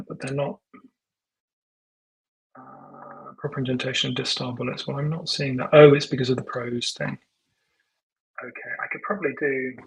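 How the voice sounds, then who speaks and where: Muttering through a live coding session, a tech founder with a gravelly, mid-range voice thinks aloud in halting bursts, full of ums and self-corrections. At times he speaks prompts aloud to the computer. The recording quality is low.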